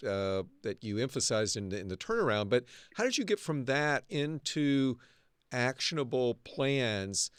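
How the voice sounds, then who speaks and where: A man hosting an interview, asking long, measured questions with hesitations. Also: mid-range voice, animated, clear, resonant tone, no echo. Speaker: dean, interview host.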